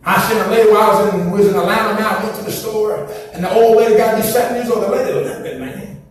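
A man preaching a sermon in a church sanctuary, repeating his lines and breaking into shouted bursts. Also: sits high, fairly even intonation, fast talker. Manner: repetitive, preaching with shouted bursts and "hey" calls. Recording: echoey church from a distance, faint congregation.

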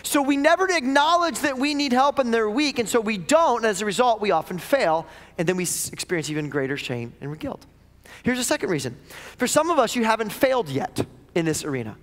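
A man's voice: very high voice, very animated, brisk, a bit bright. A male pastor preaching a sermon to his church, emphatic and asking question after question. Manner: emphatic, repeats questions, acts out voices he quotes. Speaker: lead pastor. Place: church sanctuary. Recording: long reverb of a church hall.

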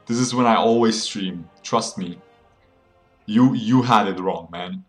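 Laid-back low-voiced male game streamer. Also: a little slow, fairly bright tone, soft background music. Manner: laid-back, chatty, laughs often, reads chat aloud. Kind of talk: casual live-stream chat with viewers. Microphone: phone game audio with voice mic.

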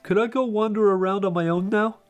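A man's voice: sits high, fairly even intonation, brisk, natural voice. A man voicing a jittery talking hedgehog. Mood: casual. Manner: nervous, talks to himself. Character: chatty anxious talking hedgehog. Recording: movie clip with music behind.

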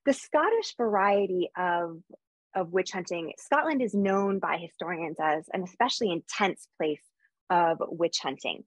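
An American woman historian giving a quick, lively academic lecture with frequent fillers over a video call. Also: lowish voice, no room sound, low-quality recording. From United States. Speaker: historian giving a conference talk.

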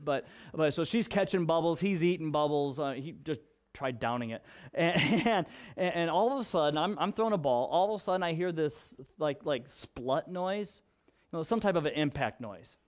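A pastor with a fairly high-pitched voice preaches, mixing scripture with a story from home. He talks in a loose, conversational way and moves between emphatic and hushed. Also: animated, normal speed. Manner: conversational with restarts and fillers. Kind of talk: sermon with personal storytelling.

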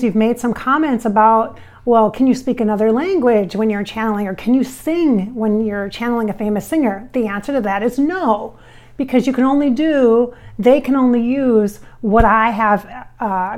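A woman from the American Midwest who channels spirits, talking casually to camera on a microphone about viewer comments, chatty and reassuring with fillers and restarts. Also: fairly high pitch. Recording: recorded on a microphone.

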